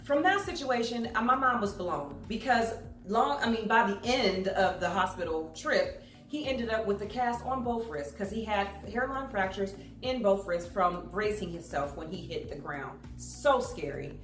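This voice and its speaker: Woman, thirties, lively storyteller on stage; echoey hall, faint music. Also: mid-range voice, moderate pace. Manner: animated, acts out voices in her stories. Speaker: public speaker. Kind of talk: storytelling talk to an audience.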